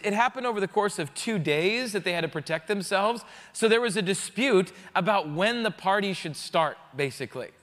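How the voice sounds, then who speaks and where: A man, a pastor, preaching a sermon in a conversational, jokey, animated way. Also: high voice, long reverb tail.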